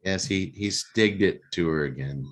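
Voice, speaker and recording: A man's voice: deep voice, normal speed. A man hosting a casual talk show, rambling and joking as he recaps a movie plot. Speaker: podcast host.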